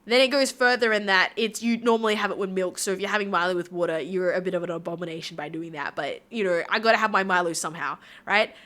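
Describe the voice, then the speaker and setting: A woman's voice: fairly low pitch, quick pace, hardly any pauses, fairly bright tone. A woman from Australia with an Australian accent, chatting casually on a livestream in a bubbly, rambling, giggly way. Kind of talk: casual stream chat reading viewer comments.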